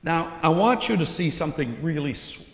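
A man preaching an expository sermon, teaching slowly and deliberately and stressing key words. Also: fairly high pitch, lively intonation. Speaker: pastor. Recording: echoey hall with long reverb.

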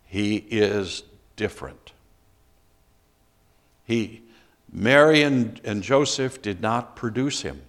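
A man teaching a Bible class in a conversational way, asking the group questions as he explains scripture. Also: medium pitch.

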